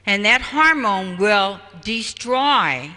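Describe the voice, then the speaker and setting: Slow, bright-voiced man giving a public talk. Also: sits high. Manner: animated storytelling, acts out quotes. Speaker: parenting speaker. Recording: echoey hall from far off, faint noise.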